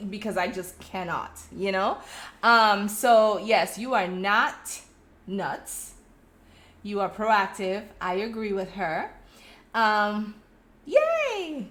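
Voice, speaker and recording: A middle-aged woman with a Crucian accent from St. Croix, chatting casually on a live stream, reading out viewers' comments and telling stories in a friendly, animated way. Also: mid-range voice. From US Virgin Islands (St. Croix). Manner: chatty, animated storytelling with friendly direct address. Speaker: host of a live check-in stream.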